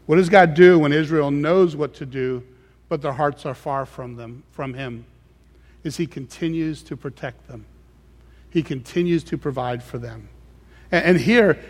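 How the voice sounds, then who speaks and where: A male pastor preaching a sermon with emphatic, repeated phrases. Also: a little high. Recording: reverberant hall sound.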